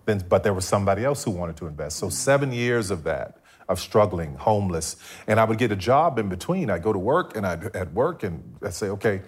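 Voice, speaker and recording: A man's voice: lowish voice, lively intonation, fairly quick, husky. Middle-aged male guest telling a dramatic personal testimony with voiced-out dialogue. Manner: storytelling, acts out quoted dialogue. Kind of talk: personal testimony in a faith talk.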